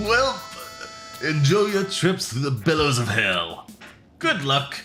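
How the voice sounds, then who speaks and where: Male streamer, casual wry play-by-play with rants, game music clearly audible underneath. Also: a little high, huge pitch swings. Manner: chatty, wry and quick to rant. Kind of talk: casual gameplay commentary.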